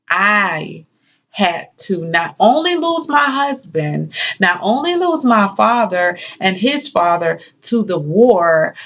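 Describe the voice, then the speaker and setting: A woman giving voice to a grieving young biblical wife and mother who speaks slowly and softly, close to tears, in a dramatic monologue. Her voice has a gravelly edge, and she takes her time over every word. The recording is dull and lo-fi. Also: lowish voice, exaggerated voice. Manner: slow, soft-spoken, tearful. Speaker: monologue performer.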